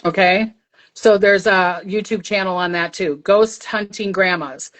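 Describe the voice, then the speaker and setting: Older woman, casual livestream storytelling, animated, acts out voices, medium pitch. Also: measured pace, low-quality recording. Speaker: psychic medium guest.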